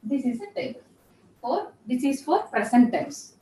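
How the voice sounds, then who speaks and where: Her high-pitched voice is mellow and sing-song, delivered at a moderate pace. This woman professor lectures in a classroom, patiently going over terms again as she explains, and the recording sounds distant and echoey.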